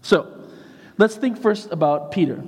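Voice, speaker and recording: A man preaching a sermon as vicar, telling a funny story in an animated way, moving from hushed lines to shouts. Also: sits high, unhurried, in a large hall.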